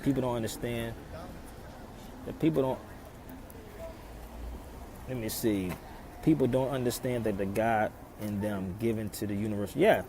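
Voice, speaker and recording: A man talking casually to his live stream viewers from outside in his old neighborhood, preaching, firing off rhetorical questions and swinging between loud and soft. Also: lowish voice, fairly even intonation, a little slow, pauses often, a little hiss or hum, low-quality recording. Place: outdoors in a city neighborhood.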